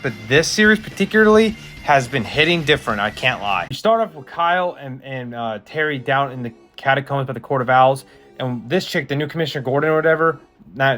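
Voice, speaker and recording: A man giving a casual, excited recap of a comic book, talking with enthusiasm, swearing and lots of fillers. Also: medium pitch. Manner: enthusiastic, profane, rambling with many fillers.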